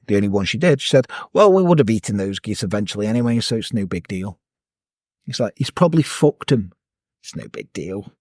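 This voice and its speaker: A man's voice: medium pitch, darkish tone, no echo, clean studio sound. A man casually telling a true-crime story on a podcast, sweary and jokey.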